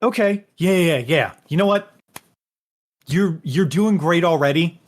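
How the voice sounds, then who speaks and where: Guy running a tabletop game, slow, rambling, lots of um and like. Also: on the high side. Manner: rambling, halting, full of fillers. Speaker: game master.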